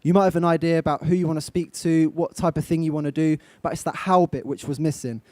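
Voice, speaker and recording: A young English motivational speaker addresses his audience live from an event stage, coaching them directly and asking them questions. His voice is on the high side and darkish, fast, with fairly even intonation, in a dry recording.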